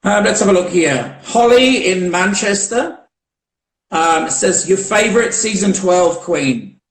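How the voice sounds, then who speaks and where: Aussie guy hosting a live chat, kinda high voice, giggly and rambling, echoey room over a video call. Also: lively intonation, unhurried. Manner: chatty, giggly, full of fillers and restarts. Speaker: host. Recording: roomy echo on a video call.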